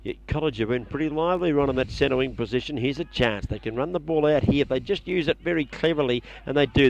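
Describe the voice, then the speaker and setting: An Australian man calling a country football match as a commentator, excitable and building to shouts on big plays. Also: medium pitch, gravelly, low-quality recording.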